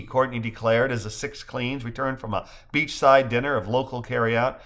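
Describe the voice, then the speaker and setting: A man's voice: medium pitch, flat delivery, normal speed, few pauses, a bit bright. A man narrating a serialized story as an audiobook, performing many characters.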